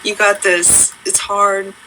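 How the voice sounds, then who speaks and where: A woman's voice: medium pitch, flat delivery, takes it slowly, bright, forceful tone, slight background noise, low-quality recording. A woman hosting her own channel, chatting casually and earnestly to her viewers in a rambling, reassuring way. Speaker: channel host. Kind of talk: casual heartfelt chat to viewers.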